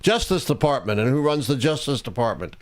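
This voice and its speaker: Older man, measured historian on live talk. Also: mid-range voice, very animated, no echo. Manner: deliberate, measured explanations. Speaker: historian and show host. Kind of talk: live-stream political talk.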